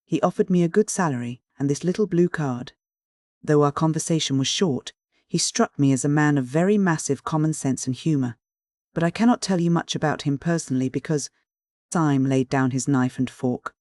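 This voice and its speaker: A narrator reading a classic novel in a steady, measured audiobook style. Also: mid-range voice, dry recording, clean studio sound.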